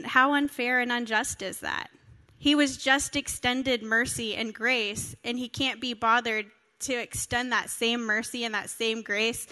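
Woman preacher, sermon with scripture reading, high-ish bright tone, earnest and direct. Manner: earnest, emphatic, talks directly to listeners.

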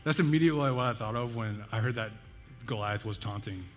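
A man's voice: mid-range voice, fairly quick. A young man preaching a casual sermon, conversational and jokey, telling stories and leaning on fillers. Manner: conversational, jokey, self-deprecating, with fillers and laughs. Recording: long hall reverb, faint music behind.

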